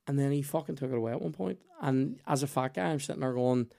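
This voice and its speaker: Man, podcast host, animated storytelling, swears a lot, acts out voices. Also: mid-range voice, a little fast, vocal fry, hardly any pauses. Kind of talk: casual storytelling chat.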